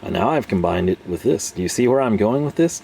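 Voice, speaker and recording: A man talks through a casual tool review in a loose, rambling way, laughing often. His voice sits low, with a gravelly fry and a mellow, relaxed tone. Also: quick pace, slight background noise. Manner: chatty and rambling, with frequent laughs.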